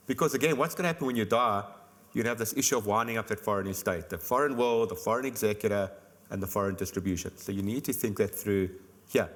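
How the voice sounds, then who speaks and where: Man, insurance expert guest on a conference panel; rapid, chatty explainer. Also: on the low side, a bit bright. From South Africa. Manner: fast, explanatory, chatty with "you know" fillers.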